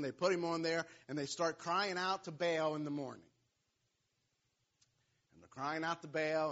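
A pastor with a slightly high, somewhat bright voice preaches a sermon, playfully retelling a scripture story with jokes and asides to his listeners. The sound is dull and lo-fi.

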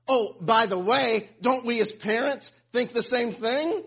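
A male pastor preaching a sermon, retelling scripture in an animated, storytelling way. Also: very high-pitched, measured pace, gravelly, hardly any pauses, slightly rough. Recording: dull lo-fi sound.

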